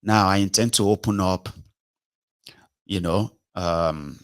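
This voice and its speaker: A man's voice: low-pitched, slow, fairly bright tone, no room sound. A Nigerian man with a Nigerian accent, hosting a political commentary monologue, arguing emphatically and repeatedly putting rhetorical questions to his listener. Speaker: host.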